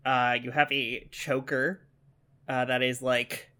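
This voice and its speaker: A man co-hosting a casual podcast, describing things in detail with frequent ums and pauses. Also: medium pitch, level tone, pushed and bright, clear, resonant tone. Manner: descriptive, hesitant with many ums. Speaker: podcast co-host.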